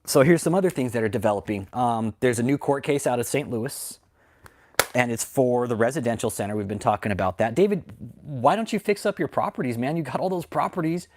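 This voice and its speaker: A man hosts a livestream and rants in heavy profanity, his voice sitting in an ordinary middle range. He calls out his target by name, jumps to sudden loud bursts of anger, then drops back to muttering asides for his live chat. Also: medium pitch, a little fast. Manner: angry, profane ranting with sudden loud outbursts; reads and answers live chat. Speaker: livestream host.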